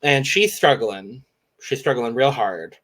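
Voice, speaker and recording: A man in his twenties with a mixed Southern and Californian accent, co-hosting a podcast in a chatty, animated way. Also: mid-range voice, a little slow. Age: 20s. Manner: chatty, animated, acts out quotes. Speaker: podcast co-host. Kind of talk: casual chat.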